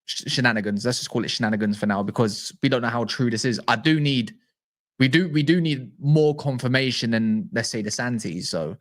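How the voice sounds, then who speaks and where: A man hosting a football fan livestream, rambling excitably and interrupting himself in casual chat. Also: medium pitch, a little fast. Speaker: football fan channel host.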